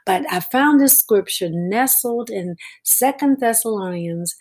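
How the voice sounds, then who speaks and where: A woman co-hosting a casual spiritual podcast, earnestly explaining scripture in steady, flowing runs. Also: a little high, measured pace. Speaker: podcast co-host.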